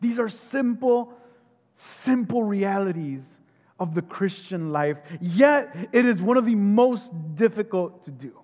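A male pastor preaching at an unhurried pace, with a high voice and a long reverberant tail from the church hall. He leans on rhetorical questions and repeated phrases to press each point home. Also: expressive, darkish tone. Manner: rhetorical questions, emphatic repetition, frequent restarts. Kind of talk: sermon.

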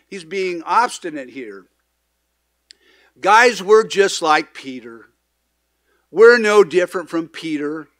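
An earnest pastor with a fairly high, animated voice preaches a casual sermon in a church sanctuary at a moderate pace, captured with clean studio sound and no echo. His conversational style is full of restarts and asides, and he performs quoted lines with sudden loud emphasis.

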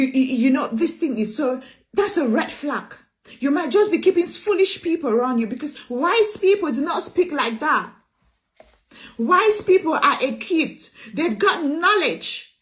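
Woman preacher, high and insistent; emphatic sermon delivery with repeated lines. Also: a bit bright. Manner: emphatic, repeats phrases, calls listeners sweetheart.

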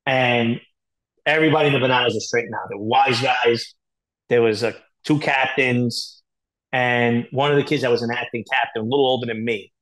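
A man's voice: mid-range voice, fairly even intonation, fairly bright tone, low-quality recording. A man as a podcast guest telling candid stories in a blunt, profane way, full of fillers. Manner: rapid, blunt, profane, filler-heavy storytelling. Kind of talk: candid storytelling interview.

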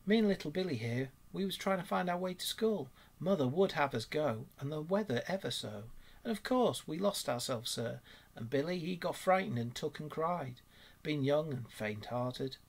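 A man voicing a humble, polite young male hedgehog who speaks in rustic country talk, with a husky voice. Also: fairly high pitch. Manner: respectful, rustic talk with many "sir"s.

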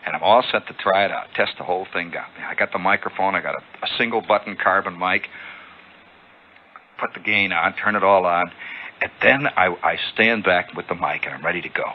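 A man's voice: sits low, fairly quick, muffled recording, a little hiss or hum. Man telling a story on old radio. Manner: animated, chuckling, acting out the scene. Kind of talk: improvised radio monologue.

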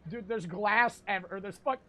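A man's voice: high-pitched, moderate pace, bright, forceful tone, a little hiss or hum. Frantic, swearing young man streaming a game. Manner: frantic, profane, talks to chat. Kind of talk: gaming livestream commentary.

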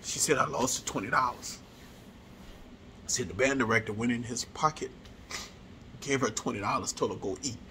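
A man's voice: mid-range voice, normal speed, long pauses, bright, forceful tone, a little hiss or hum. A man, casually telling a heartfelt story to his viewers, earnest and repeating himself as he goes. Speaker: vlogger.

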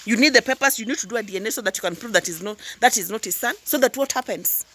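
Speaking very fast in a slightly high voice, a woman from Tanzania gives fiery YouTube reaction commentary. She shoots off rhetorical questions, nudges with "hmm?" and "huh?", repeats words when heated, then settles into calmer asides.

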